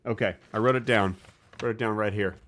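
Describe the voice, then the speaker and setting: A man co-hosting a casual comedy podcast, telling absurd jokes with a deadpan delivery. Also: fairly low pitch, fairly quick, a little hiss or hum. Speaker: podcast co-host.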